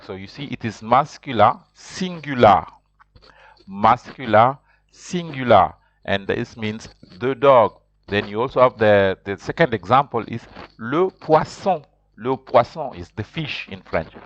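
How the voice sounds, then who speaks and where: A man teaching a beginner language lesson, hesitant with many fillers and restarts, repeating words slowly and carefully. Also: on the low side, fairly bright tone, no room sound, muffled recording. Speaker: French teacher.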